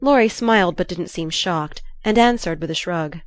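A woman reading a classic novel aloud as narrator, expressive and lively in the dialogue. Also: lowish voice, normal speed, no room sound, clean studio sound. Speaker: audiobook narrator. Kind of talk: scripted narration with character voices.

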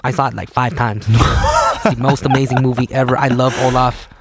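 A young man co-hosting a radio chat, cheerful and quick to laugh. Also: medium pitch, level tone, a crowd in the background. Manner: cheerful, giggly. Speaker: radio co-host.

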